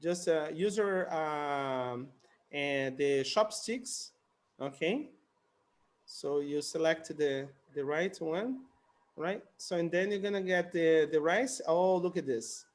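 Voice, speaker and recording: A man's voice: fairly high pitch, slow. A man teaching a casual English conversation class over a video call, chatty and laughing, repeating words so students can learn them.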